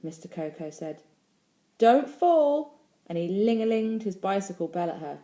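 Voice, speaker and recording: Woman teacher reading a children's story. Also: lowish voice. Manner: expressive, pauses to talk to the listening children. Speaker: primary school teacher.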